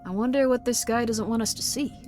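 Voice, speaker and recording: Woman streamer, higher voice, casual horror game chatter with faint background music. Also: fast talker. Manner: chatty, jokey reactions, sudden loud outbursts.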